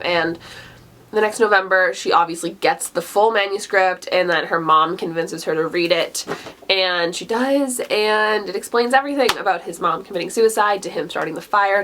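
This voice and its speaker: Her mid-range, fairly bright voice carries over slight background noise as she reviews books in a laid-back vlog. Enthusiastic and gushing, she leans on "like" constantly and keeps breaking into laughter partway through sentences.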